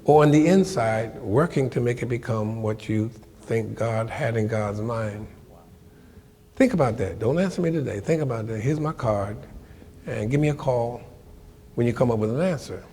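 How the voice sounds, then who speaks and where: An older man telling a story from his life to a live audience, animated and colloquial, acting out the voices of the people in it. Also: medium pitch, big-room sound. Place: lecture hall before an audience.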